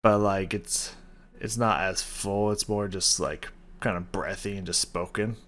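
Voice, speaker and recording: A man's voice: deep voice, fairly even intonation, measured pace, noisy background. A man giving casual, enthusiastic commentary while reacting to a song, swearing freely and padding his talk with fillers. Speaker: music reaction youtuber.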